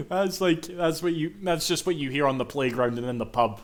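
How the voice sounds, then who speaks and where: A man's voice: fairly high pitch, lively intonation, normal speed. A young man chatting casually while streaming a game, rambling, swearing and laughing often. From Scotland. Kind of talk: casual live-stream chat.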